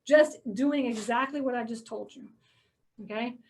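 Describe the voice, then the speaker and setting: A woman's voice: fairly high pitch, moderate pace, distant mic. A woman telling a casual story to an audience about buying storage facilities, chatty and full of "like" and "okay?", acting out her phone calls. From Georgia, US. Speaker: real estate investor speaking at a meeting.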